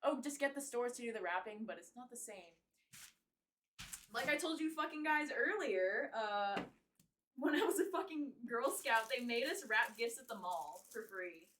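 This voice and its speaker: A woman's voice: a little high, lively intonation, moderate pace, fairly bright tone, distant mic. Chatty young woman streaming from an echoey room. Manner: chatty, swears freely, laughs often. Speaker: livestreamer. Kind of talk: casual live-stream chat.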